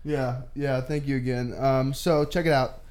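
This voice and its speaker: A man hosting a podcast, closing the episode in a relaxed, easygoing way. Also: medium pitch, unhurried. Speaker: podcast host. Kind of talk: podcast outro.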